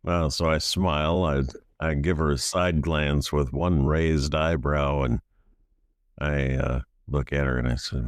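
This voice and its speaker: A man describing his character at a tabletop game. His voice is very deep, and he speaks slowly, with lots of uhs and ums. The sound is dry and close. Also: fairly even intonation, dry recording. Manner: hesitant, many fillers. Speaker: player.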